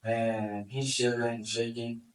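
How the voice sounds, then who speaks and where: A man who handles a search dog tells the story at a community meeting, excitedly acting out what he said. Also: medium pitch, unhurried, a little hiss or hum. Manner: excited, acts out his own quoted remarks. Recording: distant from the mic.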